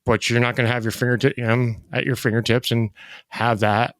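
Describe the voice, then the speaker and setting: A man hosting a casual podcast interview, halting and filler-heavy, who cuts in on his guest. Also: mid-range voice, little pitch movement, a bit bright, dry recording. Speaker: podcast host.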